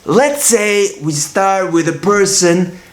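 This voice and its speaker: A man giving a slow, formal monologue with measured phrasing and long pauses. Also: high-pitched, a little hiss or hum. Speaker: vlogger.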